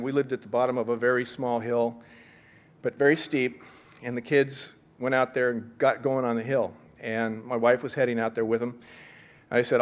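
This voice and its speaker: A middle-aged man from Seattle giving an earnest, reflective speech, telling a personal story with gentle humor. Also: medium pitch. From Seattle, USA. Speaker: speaker at a leadership event.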